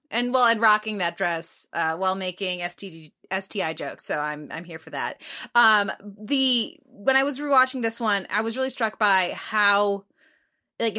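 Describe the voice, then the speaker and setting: Bright-voiced woman hosting a chat. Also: mid-range voice. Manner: rambling, many restarts. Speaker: podcast host. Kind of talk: casual chat.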